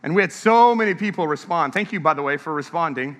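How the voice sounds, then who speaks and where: Animated preacher in an echoing church. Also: male voice, fairly high pitch, quick pace, faint music behind. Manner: energetic storytelling, laughing often. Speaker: pastor. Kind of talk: sermon. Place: church sanctuary. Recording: long echo of a large church hall.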